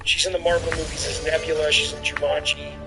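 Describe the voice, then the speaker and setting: A man hosting a call-in show, talking in an animated way with stammered restarts and playful jokes. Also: fairly high pitch, fast talker, over loud music, poor audio. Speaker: host taking calls. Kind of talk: casual call-in chat.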